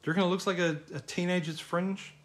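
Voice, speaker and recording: A man's voice: high-pitched, fairly even intonation, quick pace. A middle-aged man teaching a live online drawing class in a casual, encouraging, chatty way. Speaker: art teacher.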